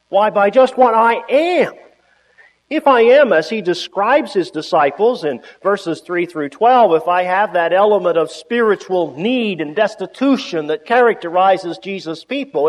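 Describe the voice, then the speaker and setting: High, emphatic preacher in a reverberant hall. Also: male voice. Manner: emphatic, with sudden rises on key words and drawn-out phrases. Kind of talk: sermon.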